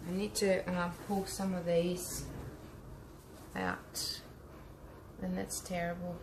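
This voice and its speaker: While she paints live, an Australian art teacher-vlogger keeps up a casual, friendly chat with viewers, sounding like a teacher in her asides. Her pitch is fairly low and her tone level and slow, with the recording showing roomy echo and a faint hum.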